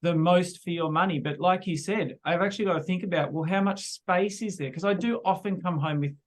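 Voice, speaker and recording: A man's voice: high-pitched, a little fast. A man asking a teacher a question, hesitant, restarting his sentences. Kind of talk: casual chat.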